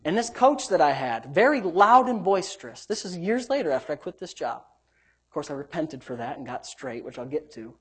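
A man preaching a sermon and telling his own story. He swings between loud, emphatic preaching and low, muttered asides, and he acts out the quoted voices. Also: big pitch swings, fairly quick, breathy edge. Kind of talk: sermon with personal testimony.

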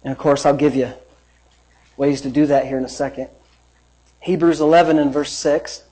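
A man's voice: fairly high pitch, steady tone, normal speed, dark tone, breathy edge, poor audio. A man pastor preaching a sermon, emphatic and repetitive, mixing playful family stories into his points.

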